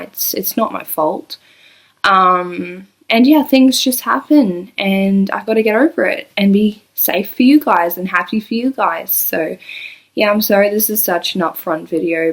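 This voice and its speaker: A woman's voice: fairly low pitch, creaky. A woman, rambling and apologetic as she tells an emotional personal story into her laptop. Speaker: vlogger. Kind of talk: personal confessional vlog.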